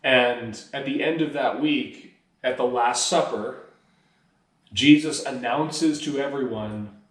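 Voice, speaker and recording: A man's voice: medium pitch, takes it slowly. A man preaching a conversational sermon, telling a story in a casual, everyday way. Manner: casual storytelling, voices quoted lines animatedly. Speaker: pastor. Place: church. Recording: roomy, picked up from a distance.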